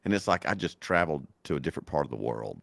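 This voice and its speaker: A man with a very low voice talks enthusiastically in a relaxed podcast conversation. He repeats words as he searches for them and leans on fillers. The recording is dry and close. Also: quick pace, vocal fry, dry recording. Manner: enthusiastic, repeats words, many likes and you knows. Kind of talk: casual podcast chat.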